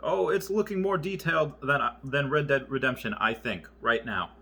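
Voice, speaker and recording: A man doing an impression of a male tech company founder with a put-on Russian accent, speaking in short halting phrases. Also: mid-range voice, sharp tone, breathy edge. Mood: proud.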